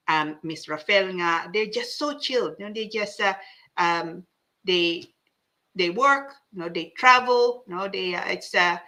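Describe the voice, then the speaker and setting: Bright, chatty woman host. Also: medium pitch. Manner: chatty, mixes English with Tagalog, frequent fillers and restarts. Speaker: host reading viewer comments. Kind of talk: casual live-show chat.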